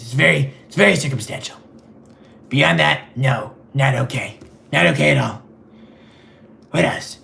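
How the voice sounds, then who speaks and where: A vain, clueless superhero, voiced by a man in a comedic livestream sketch. He rambles in a deadpan, self-absorbed way. His voice is heavily gravelly and sits a little high for a man. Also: a little hiss or hum, exaggerated voice.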